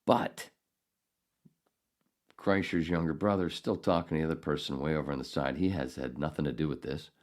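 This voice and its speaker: A man's voice: a bass voice, steady tone, fairly quick, long pauses, a little mellow. An older man hosting a podcast, telling a rambling, profane story in a casual, ranting way. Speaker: podcast host.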